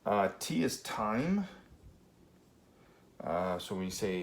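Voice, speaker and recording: Low-voiced man teaching at a whiteboard. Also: takes it slowly, slight background noise. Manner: relaxed, many fillers and okays. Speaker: Spanish teacher. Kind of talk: whiteboard grammar lesson.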